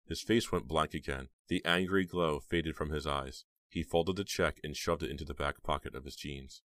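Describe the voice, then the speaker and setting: A man reads a horror novel aloud in a very deep, steady voice. His delivery is measured and even. The recording is dry and close. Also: no echo. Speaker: audiobook narrator. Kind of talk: audiobook reading of a horror novel.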